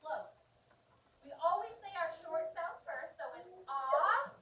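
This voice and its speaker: A woman teaching a phonics lesson to a first grade class, animated and coaxing, modeling each sound slowly. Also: extremely high pitch. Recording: roomy, distant, background noise.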